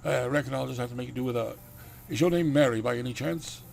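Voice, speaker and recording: A man voicing a portly, old-fashioned vampire gentleman with a Southern US accent, florid and courtly. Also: mid-range voice, fast talker, gravelly. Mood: genial.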